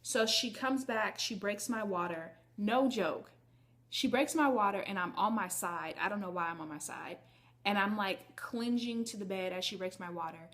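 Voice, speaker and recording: A woman's voice: mid-range voice, moderate pace, a bit bright. A woman vlogger telling a personal story to her viewers in a candid, chatty way. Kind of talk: casual storytelling to camera.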